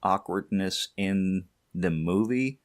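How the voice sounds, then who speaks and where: Deep-voiced man co-hosting a movie podcast. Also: slow. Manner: laughs often, chatty movie riffing. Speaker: podcast co-host. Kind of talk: casual chat.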